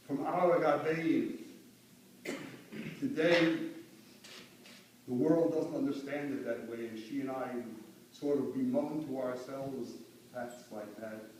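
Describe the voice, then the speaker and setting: A man's voice: medium pitch, slow, pauses often, darkish tone. A man giving an earnest funeral eulogy, mixing in Yiddish and Hebrew phrases and rising to fervent emphasis. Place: funeral hall. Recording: echoey hall from far off, faint hum.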